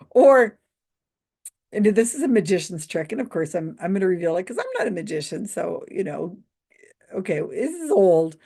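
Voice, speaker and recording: A woman's voice: on the low side, very animated, moderate pace, gravelly, long pauses, dark tone, slightly rough. A woman who works in mentalism, giving a casual commentary monologue, amused and laughing often as she retells what she saw. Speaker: YouTube commentator.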